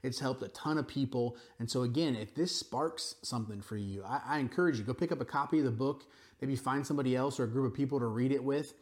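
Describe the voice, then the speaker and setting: A man preaching a sermon, telling stories in a relaxed, conversational way with frequent asides to the congregation. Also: medium pitch, fast. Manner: conversational storytelling with frequent "right?" and "you know". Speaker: pastor.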